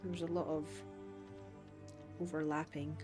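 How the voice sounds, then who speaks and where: A woman talks through her game on a livestream in a lowish voice, taking her time as she thinks aloud. Her chatty musing breaks into quick bursts of excitement. Faint music plays behind her. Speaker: game streamer. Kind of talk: casual livestream commentary while playing.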